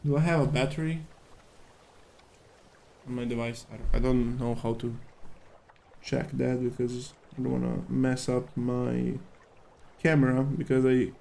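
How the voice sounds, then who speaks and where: Slow, gravelly man. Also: mid-range voice, warm tone. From Serbia. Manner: rambling, thinking aloud with fillers. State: worn-out voice. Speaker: streamer drawing live. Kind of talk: casual chat while sketching.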